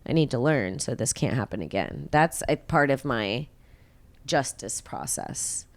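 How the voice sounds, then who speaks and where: A lively woman with a low voice hosts a podcast, telling a story in casual chat at a measured pace. She's animated and profane, acting out quotes with big pitch jumps.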